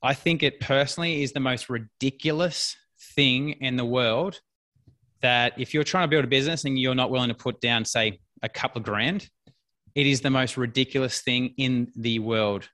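Blunt, bright-voiced man. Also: medium pitch, normal speed. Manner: blunt, emphatic, repeats key points. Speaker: business coach guest. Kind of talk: casual podcast interview.

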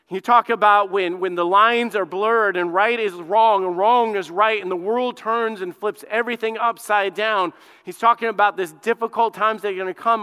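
A man with a high, bright, ringing voice preaches a sermon in an emphatic, stirring way. His clear tone carries a long church hall reverb. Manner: emphatic, rising to loud repeated exclamations. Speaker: pastor.

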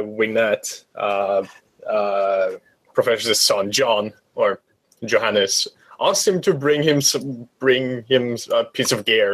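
A man's voice: medium pitch, a bit bright. A man playing a tabletop game, describing his character in a rambling, hesitant way. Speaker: player. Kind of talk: casual chat.

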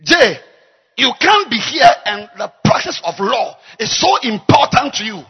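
A man preaching a sermon as a pastor, dropping to low murmurs and rising to high shouts. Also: big pitch swings, unhurried, husky. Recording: long hall reverb.

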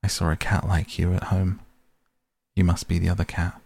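A man voicing a curious, polite young girl in a storybook reading, pitching up a little from his deep voice. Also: flat delivery, normal speed, gravelly, darkish tone, husky, full character voice. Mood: earnest. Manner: earnest, polite, questioning.

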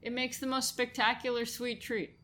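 A woman's voice: on the high side, little pitch movement, moderate pace, pushed and bright. A woman co-hosting a show in a casual, playful chat. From New York. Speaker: co-host.

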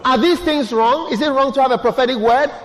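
A man with a strikingly high voice preaches a sermon, pressing his congregation with repeated questions. His words ring out through a large church hall, trailing a long reverb. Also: fairly quick, a bit bright. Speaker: pastor.

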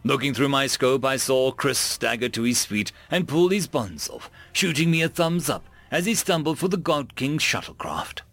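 A man narrating science-fiction short stories in an expressive, dramatic reading style, close to the mic. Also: medium pitch, normal speed, hardly any pauses. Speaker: story narrator. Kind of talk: sci-fi story reading.

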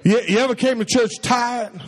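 A pastor preaching a sermon in a lively, conversational way, with playful asides and quoted voices acted out. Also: male voice, moderate pace. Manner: acts out quoted voices in a high pitch.

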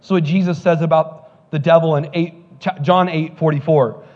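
Pastor guy, high voice, jokey sermon that gets fired up, big echoey church. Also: steady tone, normal speed, a little mellow, muffled recording. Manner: joking storytelling building to fervent preaching. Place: church service.

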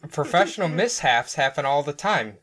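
A man's voice: a little high, animated, normal speed, fairly bright tone, slightly rough. A male podcast co-host chatting casually with friends. He reads out strange news items with frequent laughter and loose, loose-edged delivery.

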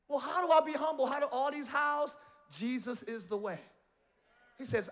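A man preaching a sermon as pastor, moving between quiet asides and loud, rising shouts, with playful jokes to the congregation. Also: very high-pitched, moderate pace. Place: church sanctuary.

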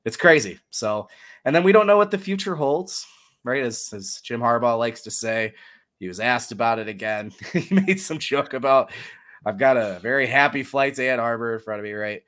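A man's voice: mid-range voice, lively intonation, moderate pace, fairly bright tone. A man hosting a casual sports podcast, chatty and joking, laughing often as he talks. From Michigan. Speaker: podcast host.

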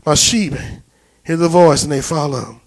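A middle-aged man with a New York accent preaching a sermon in church, building from musing talk to shouted refrains, with many "uh" fillers. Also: a little high, measured pace, rough recording. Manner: preaching with rising, shouted passages and repeated refrains; frequent "uh" fillers and restarts. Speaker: pastor.

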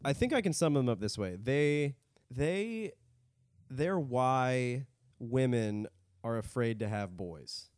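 A man chatting casually on a podcast, his pitch bouncing up and down as he tells crude jokes. He laughs often in the middle of his sentences. The sound is dry and close, with no room around it. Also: lively intonation, unhurried, a little mellow, no room sound. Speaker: podcast co-host.

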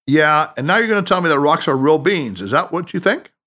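A man reading aloud as a skeptical doctor who doubts and pushes back. His voice runs slightly high with a lively, animated pitch. An audiobook figure, plain and grounded. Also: a little fast. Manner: doubtful, defensive. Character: skeptical adult male doctor.

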